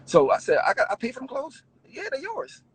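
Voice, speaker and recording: A man's voice: very high-pitched, fairly quick, husky, poor audio. A man, a rapper telling stories in a casual interview, swearing and laughing as he goes. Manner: animated, swearing, laughing storyteller.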